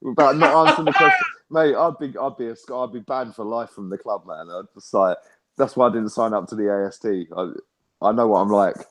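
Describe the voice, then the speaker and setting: A young man, talking in a lowish voice. He hosts a fan chat and rants loudly with heavy swearing. His speech is animated, with frequent tag questions thrown in. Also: brisk. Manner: loud, sweary, animated ranting. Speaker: fan channel host. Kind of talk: heated casual fan chat.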